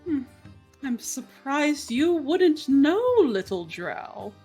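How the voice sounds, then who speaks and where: A woman's voice: high voice, very animated, takes it slowly, a little mellow, faint music behind, voice pushed up, heavily acted, rough recording. A woman voicing a sarcastic, irritable male moon elf shopkeeper in a tabletop game. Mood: snide. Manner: exasperated, sarcastic, sighing.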